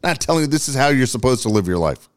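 A man's voice: medium pitch, big pitch swings, quick pace. A man co-hosting a podcast, talking candidly in casual banter. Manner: conversational, candid, profane. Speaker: podcast co-host.

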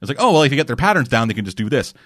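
A man's voice: mid-range voice, very animated, very fast, a bit bright, no echo, studio quality. A man co-hosting a casual gaming chat, rambling and swearing freely, with lots of restarts and fillers. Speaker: podcast co-host.

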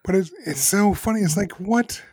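A man co-hosting a casual podcast, sarcastic and quick to laugh and swear as he critiques. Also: sits high, darkish tone, slightly rough, dry recording, clean studio sound. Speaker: podcast co-host.

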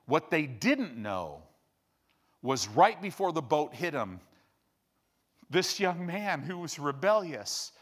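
A man preaching a sermon, telling stories animatedly, with sudden loud bursts and quiet asides. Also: slow, pauses often. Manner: animated storyteller, swings between loud bursts and low hushed asides. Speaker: pastor. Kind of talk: sermon storytelling.

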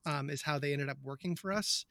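A man's voice: fairly high pitch, a little fast, gravelly, fairly bright tone, dry recording, clean studio sound. A man who teaches biology, chatting in a rambling, easygoing way and laughing often. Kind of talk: casual conversation.

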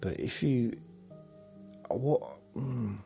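A man's voice: medium pitch, very slow, creaky, mellow, faint music behind. A man hosting a sleep podcast, rambling through a monologue in a meandering, dry, self-mocking way. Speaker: podcast host.

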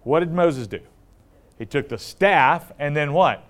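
A man's voice: a little high, a little slow. A man teaching from the Bible in a conversational way, putting questions to his listeners and acting out the quotes with animation. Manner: animated, asks the audience questions, acts out quotes. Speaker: preacher.

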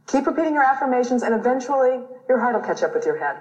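A preachy motivational speaker. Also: female voice, sits high, racing. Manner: preachy, calmly insistent. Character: smug female motivational speaker. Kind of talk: TV series acting. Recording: roomy, dull TV clip audio.

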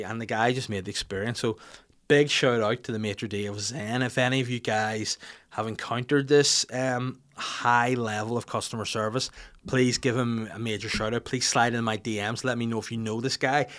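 Animated man telling a story. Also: medium pitch, normal speed. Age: middle-aged. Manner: animated, acts out the people in his stories, swears. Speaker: podcast host. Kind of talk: comic storytelling rant. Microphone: studio mic.

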